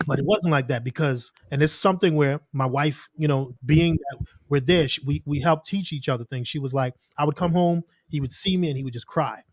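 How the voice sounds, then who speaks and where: A man's voice: on the high side, a little fast, no room sound, studio quality. A man, a podcast guest telling stories in earnest, casual conversation. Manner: earnest storytelling with lots of "like" and quoted asides.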